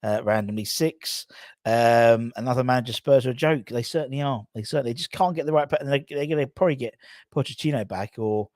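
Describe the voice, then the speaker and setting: A man's voice: mid-range voice, fairly quick, a little mellow, no echo, clean studio sound. A man hosting a football fan channel in a casual live stream, greeting viewers and reading out their comments. He rambles, hedging with many restarts.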